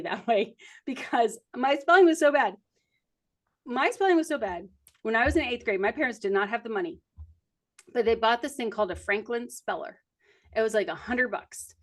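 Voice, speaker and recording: A woman in her fifties hosting a casual podcast chat, telling stories in a chatty, self-deprecating, animated way. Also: on the high side. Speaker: podcast host.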